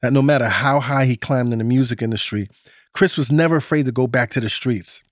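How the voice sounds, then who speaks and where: A man's voice: medium pitch, a little fast, dry recording, studio quality. A man with a New York accent, hosting a podcast with laid-back, slangy scripted narration. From Brooklyn, New York. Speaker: podcast host.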